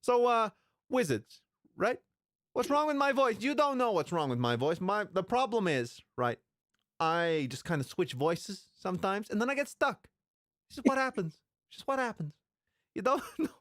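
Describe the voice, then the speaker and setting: A man's voice: high-pitched, animated, moderate pace, a bit bright, dry recording, clean studio sound. A man voicing a brash adult wise guy in a put-on Brooklyn accent, jokey and repeating catchphrases. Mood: goofy bragging.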